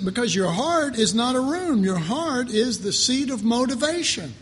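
A man's voice: extremely high pitch, a bit bright, a little hiss or hum. A man preaching an informal sermon to a live congregation, conversational and joking, full of rhetorical questions.

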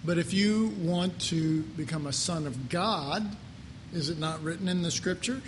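Brief: high-voiced male preacher, casual joking sermon, faint hum behind. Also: measured pace. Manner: conversational, joking, rhetorical questions. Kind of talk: informal sermon to a live congregation.

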